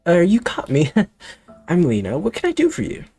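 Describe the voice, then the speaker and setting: A bright, friendly young hotel clerk greeting guests, as a man puts her on. Her voice pops up high and quick, lively and polite, with faint game music behind. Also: creaky, full character voice. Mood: chirpy.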